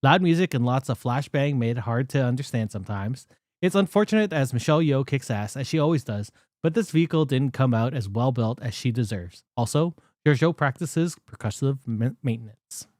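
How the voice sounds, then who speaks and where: A man co-hosting a podcast, reading a listener's review in an even, matter-of-fact way. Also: mid-range voice, fairly quick, no room sound, studio quality. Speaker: podcast co-host. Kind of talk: reading listener mail aloud.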